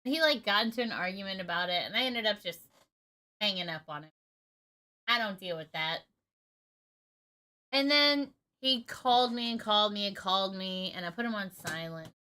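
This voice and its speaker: A woman's voice: mid-range voice, lively intonation, moderate pace, long pauses, sharp tone. A woman in her thirties streaming from home, telling a personal story in a casual, candid way and swearing freely. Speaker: gaming streamer.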